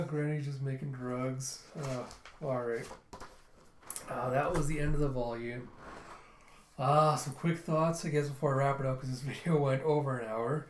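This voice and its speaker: A man's voice: mid-range voice, fairly even intonation, moderate pace, roomy sound. Casual man retelling a manga. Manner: retells loosely with filler phrases. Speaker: manga reviewer.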